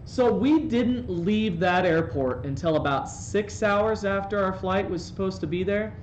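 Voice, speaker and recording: A man with a slightly high voice tells a rambling story in a casual way while he plays a game on a live stream. He talks into a desk microphone at home, and the room sounds roomy with a faint hum underneath. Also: a little slow. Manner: rambling, animated anecdote with playful asides. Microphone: desk microphone, swapped in for the day.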